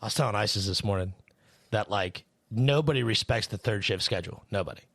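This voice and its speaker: A man's voice: lowish voice, brisk, breathy edge. A man co-hosting a podcast, chatting casually in a rambling way, with lots of fillers and swearing. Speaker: podcast co-host; third shift worker.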